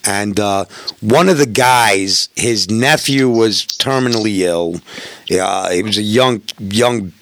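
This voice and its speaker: A man's voice: lowish voice, slow pace, fairly bright tone. A middle-aged man, telling profane road stories in casual podcast chat and acting out the dialogue. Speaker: podcast guest.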